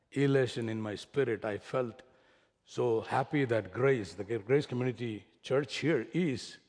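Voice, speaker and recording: A man from South India with an Indian accent, a visiting bishop opening his sermon with gentle self-deprecating humor. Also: medium pitch. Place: church sanctuary. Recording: reverberant church hall.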